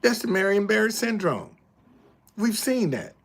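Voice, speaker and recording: A man's voice: high voice, big pitch swings, a little slow, a bit bright. A man giving preachy casual commentary as an online host, emphatic and repeating his words like a preacher.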